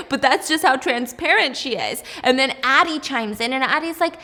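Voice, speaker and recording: A young woman casually retelling a mystery story while baking, chatty and animated, acting out the characters' lines. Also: high voice, normal speed, few pauses, big-room sound. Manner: animated, chatty, acts out quotes. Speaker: storytelling baker host.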